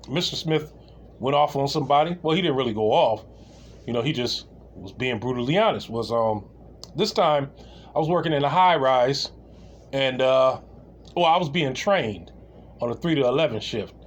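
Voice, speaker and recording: A man telling a comedic anecdote in a casual, rambling way, with many restarts and laughs. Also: a little high. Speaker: storyteller.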